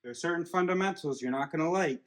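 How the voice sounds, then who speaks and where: A man's voice: fairly high pitch, fast, reverberant, rough recording. A man giving his father a casual step-by-step lecture in a car, checking in with "okay?" as he goes. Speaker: son explaining a theory to his father. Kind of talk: casual lecture during a drive. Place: inside a car on the road. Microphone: dashcam mic.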